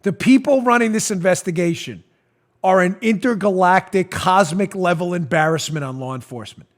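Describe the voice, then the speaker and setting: A man in his forties hosting a political talk show, mocking and animated, often breaking into laughter. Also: sits high, normal speed. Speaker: host.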